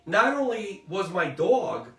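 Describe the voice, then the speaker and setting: A man's voice: high voice, sing-song, slow, bright, forceful tone. Emphatic middle-aged man in an echoey room. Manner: emphatic, rambling storyteller who seeks agreement. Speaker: host of a commentary show. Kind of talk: casual opinion commentary. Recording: roomy, distant mic with faint music.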